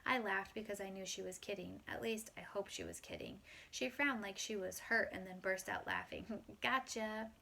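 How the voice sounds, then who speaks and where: A woman reading a first-person children's story aloud in a plain, unhurried way. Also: medium pitch, very animated, gravelly, pushed and bright. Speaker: audiobook reader.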